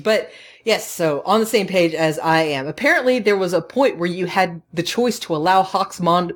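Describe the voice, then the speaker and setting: Woman, podcast co-host, chatty and teasing, laughs easily, casual game talk. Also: deep voice. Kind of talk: casual chat about video games.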